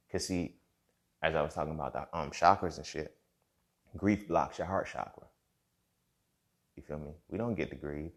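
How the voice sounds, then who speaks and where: Young guy with a super deep gravelly voice, laid back and reflective, keeps saying you feel me. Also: normal speed, pauses often. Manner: conversational, repeats himself, frequent "you feel me". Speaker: podcast host. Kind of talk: reflective casual monologue.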